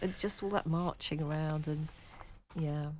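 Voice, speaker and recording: A woman's voice: sits low, steady tone, a little slow, a loud crowd. A woman co-hosting a radio chat show, wry and teasing, laughing as she talks. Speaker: radio co-host.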